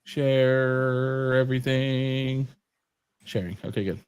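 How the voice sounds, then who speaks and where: A man hosting a casual podcast chat, animated, swearing freely and acting out quotes. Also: mid-range voice, takes it slowly, smooth. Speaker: podcast host.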